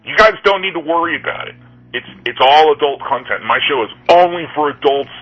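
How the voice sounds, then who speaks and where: Male host, rambling angry rant, lively pitch. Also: brisk, highs cut off, faint music behind. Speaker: podcast host. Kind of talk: ranting monologue.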